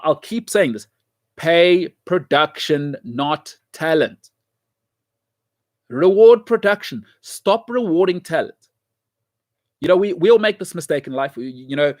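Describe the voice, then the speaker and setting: A man with a somewhat raised pitch hosts his own show, lecturing the audience in an emphatic, repetitive way. His opinionated football commentary comes across dry and close, with no room sound. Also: no echo. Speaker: show host.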